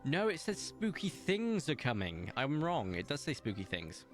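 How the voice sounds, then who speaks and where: A British man chatting his way through a game stream, his pitch swinging up and down as he rambles and laughs. He reads viewer comments aloud in a loose, friendly way. Quiet game music plays underneath. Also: wildly swooping pitch, normal speed. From Britain. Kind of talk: casual live-stream chat while gaming.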